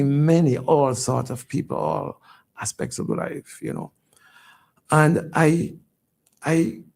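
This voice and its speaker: Man, radio station owner, guest slot; very gravelly and husky, mellow tone; halting, repeats himself when moved. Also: mid-range voice. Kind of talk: emotional personal storytelling.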